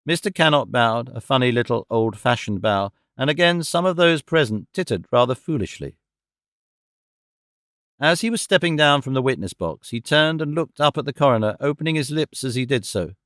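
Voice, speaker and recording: A man narrating an audiobook in a steady, even-toned way on a close studio mic. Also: mid-range voice, normal speed, dry recording. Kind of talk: scripted narration.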